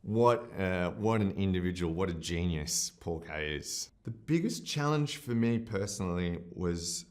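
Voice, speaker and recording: A very deep-voiced Australian man speaks in a festival interview about his film. He gushes and rambles, often stopping to restart a thought. His tone is openly emotional and self-deprecating. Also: animated, measured pace, hardly any pauses, a little mellow. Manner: effusive, rambling, with frequent fillers and restarts. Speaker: film director.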